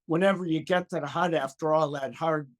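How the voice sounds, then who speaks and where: An older man tells a travel story as an interview guest. He is animated, acts out the other voices and laughs often as he goes. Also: a little high, fairly quick. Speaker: gardening expert guest.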